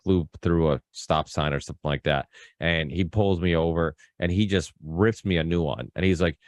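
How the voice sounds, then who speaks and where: A man's voice: low voice, moderate pace, no room sound. A man hosting a podcast, talking in a rambling casual way with many restarts. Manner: acts out quoted people in a raised voice. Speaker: podcast host.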